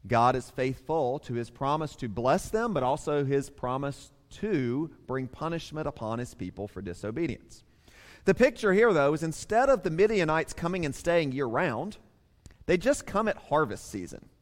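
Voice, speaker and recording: A man preaching a sermon, telling the story in a lively way and speaking straight to the children in the congregation. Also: fairly high pitch, normal speed. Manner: animated storytelling, addresses children directly. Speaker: pastor. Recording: long reverb of a large hall.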